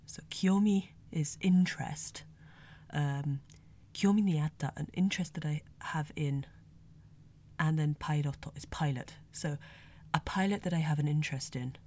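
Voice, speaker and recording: A woman with a low voice gives a casual spoken review. She sounds chatty and analytical and pauses to unpack the meaning of foreign words. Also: warm tone. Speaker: anime reviewer.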